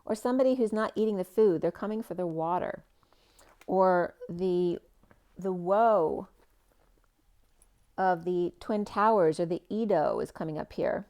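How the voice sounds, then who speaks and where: A woman giving a spiritual tarot reading in a rambling, free-associating way, with many fillers and phrases that trail off, sometimes drawing words out slowly. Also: lowish voice, darkish tone. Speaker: tarot reader.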